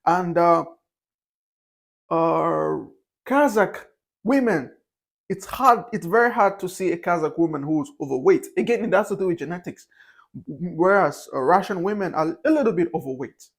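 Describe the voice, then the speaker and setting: A young man with a notably high voice shares his views in a loose, unscripted monologue. He speaks candidly and wanders from point to point, often restarting his sentences and filling the gaps with "uh" and "you know". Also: lively intonation, normal speed, creaky. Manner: candid, rambling, with frequent fillers and restarts. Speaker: vlogger. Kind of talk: casual opinion monologue.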